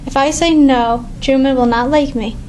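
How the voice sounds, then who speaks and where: Storybook read-aloud: a woman putting on a gentle, eager furry monster, earnest and childlike, pitched high. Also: fairly even intonation, moderate pace, a little hiss or hum, lightly acted. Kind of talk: reading a picture book aloud.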